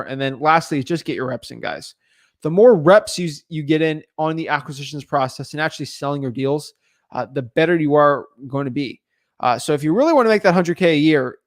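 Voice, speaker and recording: A young man with a slightly raised voice coaching his viewers in a relaxed livestream. He talks quickly and loosely, full of fillers, and keeps calling his audience guys. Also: fairly high pitch. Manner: fast, casual, filler-heavy, addresses viewers as guys. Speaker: real estate coach. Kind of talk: casual teaching livestream.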